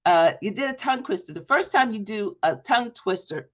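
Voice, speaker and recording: An energetic woman coach teaches a live online class, asking the audience questions again and again. She acts out quotes with a higher, louder voice. The sound comes through a video call mic. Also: a little fast, few pauses. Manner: energetic, talks straight to the audience with repeated questions. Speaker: presentation coach. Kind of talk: live online workshop talk.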